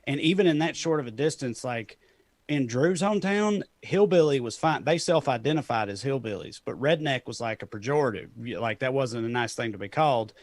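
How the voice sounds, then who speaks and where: A man's voice: medium pitch, animated, a little fast, dry recording. A man in his thirties from Tennessee with a Southern accent, chatting as a comedian guest in a rambling, self-deprecating way and laughing often. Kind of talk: casual interview chat.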